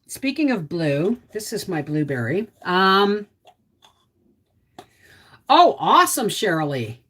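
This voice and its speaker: A woman's voice: mid-range voice, sing-song, takes it slowly, fairly bright tone. A middle-aged woman hosting a casual livestream, greeting viewers and answering their comments in a chatty, sympathetic way.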